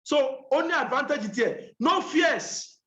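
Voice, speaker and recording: A man's voice: very high-pitched, lively intonation, slow, pushed and bright, reverberant. A man leading an online business training, emphatic and repeating key points.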